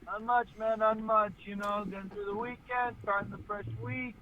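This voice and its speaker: Eager high-voiced man calling in. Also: level tone, moderate pace, highs cut off, slight background noise. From Florida. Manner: eager, earnest, thinks aloud with fillers. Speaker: caller. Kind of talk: call-in to sports talk show.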